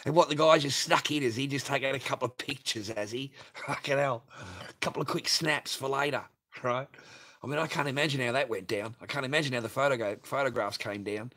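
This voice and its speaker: A man's voice: medium pitch, fairly bright tone. Profane man ranting on a livestream. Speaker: livestream host reading superchats. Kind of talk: crude casual livestream rant.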